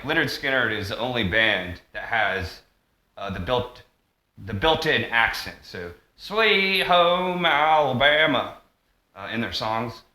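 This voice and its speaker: A man's voice: medium pitch, bright, forceful tone. A man rambling through a monologue vlog, jumping between tangents with lots of fillers and restarts. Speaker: vlogger. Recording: echoey room.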